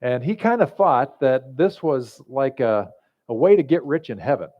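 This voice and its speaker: A man's voice: mid-range voice, lively intonation, moderate pace. A male pastor giving a sermon in a conversational, joking storytelling manner, in a slightly muffled recording.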